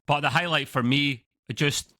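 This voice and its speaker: A man's voice: fairly high pitch, normal speed, sharp tone, no room sound. A man with a Scottish accent, co-hosting a casual review chat over a video call, rambling and correcting himself as he goes. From Scotland. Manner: rambling, self-correcting, chuckling asides. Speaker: co-host of a TV review show.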